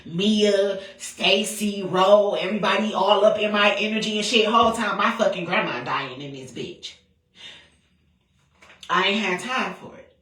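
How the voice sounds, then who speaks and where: A woman's voice: mid-range voice, unhurried, a bit bright. Candid woman. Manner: candid, profane, rambling with frequent "or whatever". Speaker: vlogger telling a personal story. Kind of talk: casual storytelling. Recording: roomy, distant from the mic.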